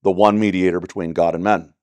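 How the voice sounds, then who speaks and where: A man's voice: low-pitched, steady tone, brisk, a little mellow, clear, resonant tone, no echo. A man with a Texan accent teaching a church Bible study in a conversational way, often checking in with "right?". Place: church classroom.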